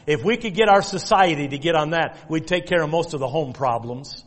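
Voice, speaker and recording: A man's voice: fairly high pitch, brisk, hardly any pauses. A middle-aged man preaching a sermon, telling folksy stories and repeating commands with emphasis. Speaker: pastor. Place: church sanctuary. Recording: long reverb of a church hall.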